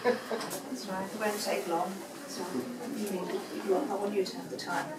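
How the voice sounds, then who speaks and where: A woman's voice: medium pitch, fairly even intonation, normal speed. A woman introducing a poet to a festival audience in a chatty, humorous way. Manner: chatty, warm-humoured, laughs between lines. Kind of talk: casual spoken introduction. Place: festival venue indoors. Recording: echoey room, mic far off, audience murmur.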